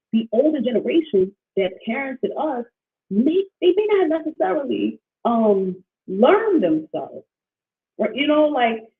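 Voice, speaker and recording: A woman hosting a casual livestream as a coach, talking in a rambling, animated way with many restarts and fillers, reading out viewer comments. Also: medium pitch. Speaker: financial wellness coach, livestream host. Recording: tinny phone-like sound.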